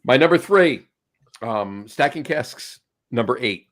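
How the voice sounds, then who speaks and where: A man co-hosting a craft beer show, chatting casually with halting restarts while he has the hiccups. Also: mid-range voice, animated, a bit bright. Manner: halting, restarts, laughs at himself. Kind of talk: casual chat.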